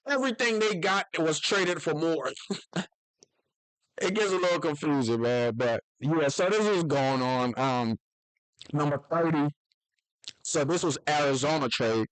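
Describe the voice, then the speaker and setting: A man hosting a football talk channel, chatting on his own in a rambling, self-interrupting way that keeps breaking into excited outbursts. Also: fairly high pitch, measured pace, pauses often, no room sound, poor audio. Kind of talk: casual solo commentary.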